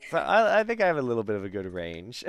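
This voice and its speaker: Chatty guy hosting a casual talk, smooth voice, lots of ums and laughs. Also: mid-range voice, a bit bright, dry recording. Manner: chatty, laughs often, many fillers. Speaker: host. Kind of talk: casual chat.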